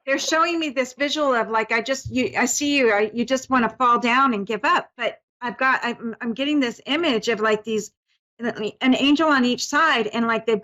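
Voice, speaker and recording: A woman giving a psychic reading to a caller on her show. Her voice sits a little high, and she speaks soothingly and reassuringly, stopping often to restart her sentences. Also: a bit bright, muffled recording. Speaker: psychic medium host.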